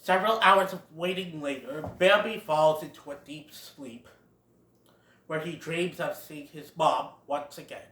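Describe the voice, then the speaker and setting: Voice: medium pitch, measured pace, fairly bright tone, reverberant. Chatty reviewer recapping a film. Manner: chatty, laughs at own jokes. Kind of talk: casual plot recap.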